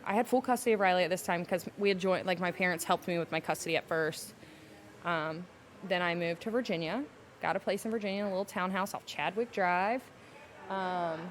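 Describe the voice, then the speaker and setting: Low-voiced woman telling her story. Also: fairly even intonation, a little hiss or hum. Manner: emotional, slows down holding back tears. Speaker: podcast guest, salon owner. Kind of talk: candid personal storytelling.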